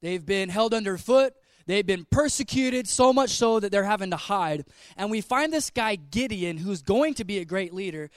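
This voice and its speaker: A man in his twenties, a pastor giving an energetic, joking, conversational sermon in a church. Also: high voice, normal speed, no echo, studio quality. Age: 20s.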